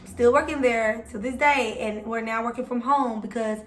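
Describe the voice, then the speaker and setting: A woman's voice: fairly high pitch, steady tone, moderate pace, slight background noise. A young woman vlogger telling a story casually and with swearing, talking straight to her viewers. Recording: echoey room, mic at a distance.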